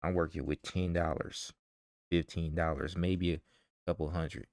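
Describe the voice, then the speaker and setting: A man's voice: low-pitched, steady tone, measured pace, darkish tone, no echo, studio quality. A man in a vlog ranting heatedly with profanity and rhetorical questions. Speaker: vlogger. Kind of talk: ranting commentary.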